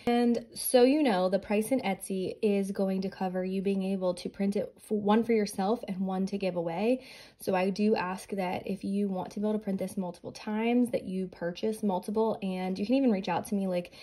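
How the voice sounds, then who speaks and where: A woman's voice: mid-range voice, fairly even intonation, normal speed, poor audio. A young adult woman hosting a budgeting vlog, chatting earnestly, slightly out of breath from pregnancy. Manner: soft, earnest, prayerful. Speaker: budgeting channel host. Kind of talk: casual chat and scripture reading.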